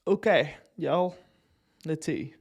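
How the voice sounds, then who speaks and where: A man's voice: fairly high pitch, lively intonation, slow pace, vocal fry, slightly rough. A man giving casual live commentary on a day-trading stream, swearing, using slang and laughing often as he talks through charts.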